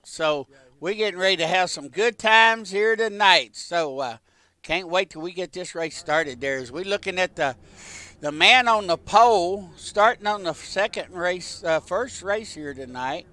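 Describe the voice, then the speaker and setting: A man calling a live sim dirt race as host, folksy and excitable, rambling with lots of fillers. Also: high-pitched, unhurried. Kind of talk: live sim racing play-by-play.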